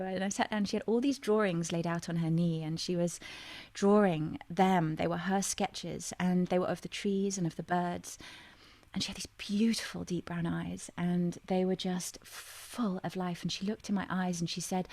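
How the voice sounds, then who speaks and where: Radio guest: a woman with a lowish voice and a dry, close sound, reflective and searching as she talks. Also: steady tone, a little mellow, no echo. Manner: reflective and searching, with many pauses and restarts. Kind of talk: personal storytelling in a radio interview.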